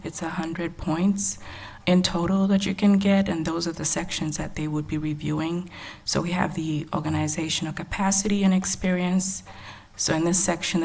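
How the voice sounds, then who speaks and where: Low, gravelly-voiced woman presenting. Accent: Texan. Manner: soft-spoken and measured, with frequent fillers. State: short of breath. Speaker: grants evaluation staff presenter. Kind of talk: presenting at a public workshop.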